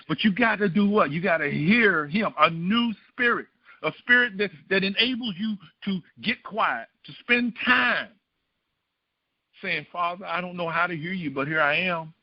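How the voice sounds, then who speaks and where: Middle-aged male pastor, a bit high in pitch, tells sermon stories and keeps asking the room questions; muffled, dry sound. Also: no echo. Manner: asks the congregation rhetorical questions. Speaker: preacher. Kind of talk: storytelling sermon.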